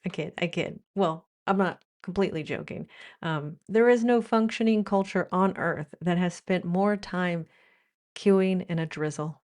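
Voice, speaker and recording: This time the American woman speaks in a lowish, slightly mellow voice at a measured pace. Her chatty vlog commentary stays wry and playful, dipping now and then into mock-British quotes.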